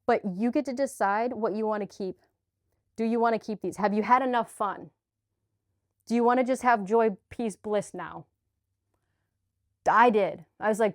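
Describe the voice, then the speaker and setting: A woman's voice: fairly high pitch, moderate pace, long pauses, dry recording, clean studio sound. Earnest, gushing woman vlogger. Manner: earnest, gushing, with restarts and filler. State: sweaty, a little choked up. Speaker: spiritual vlogger. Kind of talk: heartfelt direct-to-camera vlog.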